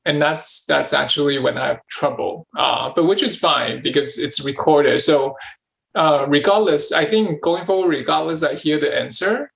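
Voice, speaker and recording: A man's voice: a little high, moderate pace, creaky, a bit bright, low-quality recording. A man in casual conversation who speaks hesitantly, repeating himself with many restarts and fillers. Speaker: channeling practice partner asking questions.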